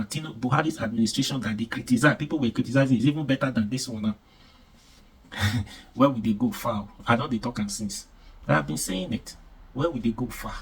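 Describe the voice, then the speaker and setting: A man's voice: medium pitch, breathy edge, distant mic, rough recording. A man with a Nigerian accent giving emphatic, repetitive commentary, mixing in pidgin expressions. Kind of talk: casual commentary.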